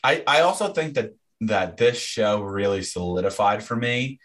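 Low-voiced young man chatting casually. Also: normal speed, a bit bright. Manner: rambling, many fillers and restarts, laughs often. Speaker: podcast co-host. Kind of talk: casual chat.

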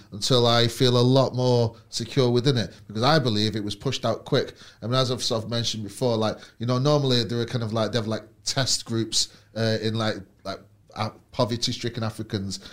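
A man in casual chat, rambling with lots of likes and restarts. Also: mid-range voice. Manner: rambling, many fillers and restarts.

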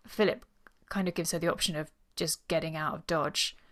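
A woman's voice: sits low, fairly even intonation, normal speed, a bit bright. A woman who hosts a book podcast, reading a novel aloud and then chatting about it enthusiastically.

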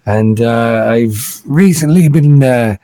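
A man's voice: mid-range voice, slow pace, mellow, no echo, natural voice. A man voicing a polite, hesitant male halfling mason who stammers and speaks deferentially.

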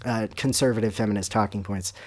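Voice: medium pitch, fairly even intonation, fast talker. A podcast host reading a book aloud with laughing, sarcastic asides.

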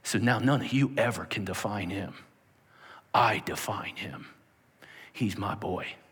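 A man voicing a calm, protective divine advocate who speaks low and reassuringly, in a reverberant hall. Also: normal speed, slightly rough. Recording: long reverb of a large hall.

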